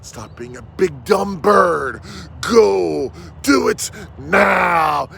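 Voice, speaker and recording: A man delivering a loud, profane roast message, shouting insults and saying "bro" after almost every line. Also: high-pitched, animated, very slow, creaky, slight background noise. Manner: loud, brash, profane, says "bro" constantly. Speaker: roast comedian.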